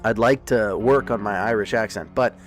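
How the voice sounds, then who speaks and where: A man's voice: fairly low pitch, normal speed, soft background music. A man casually chatting to his viewers as a game streamer, rambling with lots of fillers and restarts. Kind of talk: casual livestream chat.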